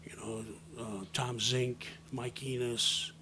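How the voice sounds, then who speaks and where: A middle-aged man, a former pro wrestler, telling a casual, lively story as an interview guest in a studio, swearing now and then. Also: medium pitch, takes it slowly, background noise. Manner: lively, animated retelling with loud acted quotes and casual swearing.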